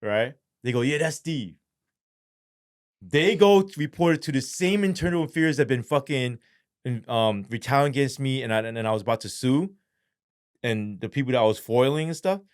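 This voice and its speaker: A man's voice: medium pitch, brisk, smooth. New guy telling a story on a podcast, lots of cursing, acts out what people said. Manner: profane, animated retelling with acted-out quotes. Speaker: interview guest, former police sergeant. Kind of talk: casual storytelling.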